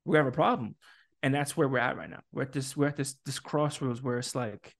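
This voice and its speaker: Gravelly and mid-range, this man's voice moves fairly quickly. Co-hosting a relaxed podcast, he argues emphatically and laughs a lot, thinking aloud as a parent with opinions, restarting and searching for words.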